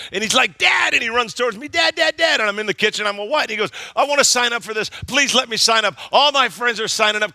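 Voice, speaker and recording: A man's voice: high voice, gravelly, no echo. A pastor in his fifties preaching a sermon in a church, telling stories with humor and acting out the voices in them. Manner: storytelling, animated and humorous, acts out quoted voices. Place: church sanctuary.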